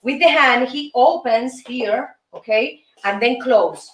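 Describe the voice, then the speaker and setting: A woman's voice: fairly high pitch, slow, a bit bright, echoey room, recorded from a distance, rough recording. A woman from Cuba with a Cuban Spanish accent teaches a salsa dance lesson as host, counting beats and chanting rhythms.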